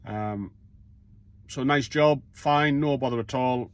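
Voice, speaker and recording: A man's voice: mid-range voice, takes it slowly, clear, resonant tone. A middle-aged man, a self-employed courier talking casually in a rambling vlog monologue, blunt and swearing freely.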